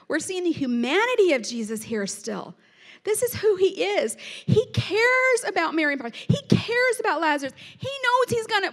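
Woman with a high voice reading scripture and chatting about it, lively and jokey. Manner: chatty, animated, self-deprecating asides; reads scripture aloud then explains it. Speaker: Bible teacher. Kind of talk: casual Bible teaching.

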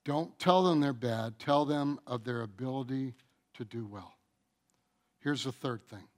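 Unhurried, a middle-aged man delivers a sermon in elongated phrases, alternating between loud, forceful stresses and soft, whispered side remarks.

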